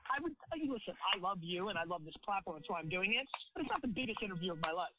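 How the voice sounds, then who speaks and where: A man's voice: sits high, animated, racing, heavy background noise. Man talking emphatically, phone-thin sound. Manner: emphatic, repeats words when starting. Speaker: podcast guest. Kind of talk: animated interview talk. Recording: phone-like dry playback.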